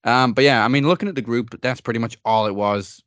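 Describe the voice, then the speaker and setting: A man's voice: medium pitch, a little fast, a bit bright, no echo. A man co-hosting a wrestling podcast in casual chat, laid-back and joking. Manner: laid-back, joking, with frequent fillers and laughs. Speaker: podcast co-host.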